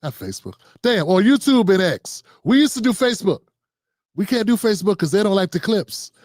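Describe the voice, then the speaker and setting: A man's voice: sits high, very animated, a little fast, darkish tone, no echo, studio quality. A man hosting a livestream show, reading out viewer comments and signing off in a loose, slangy, chatty way. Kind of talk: casual sign-off and comment shout-outs.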